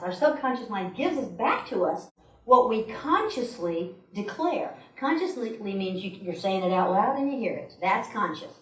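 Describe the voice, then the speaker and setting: A woman giving a chatty, animated sermon in a church sanctuary, acting out quotes and laughing now and then. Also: medium pitch. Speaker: speaker at a church service. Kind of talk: conversational sermon. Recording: roomy echo, mic at a distance.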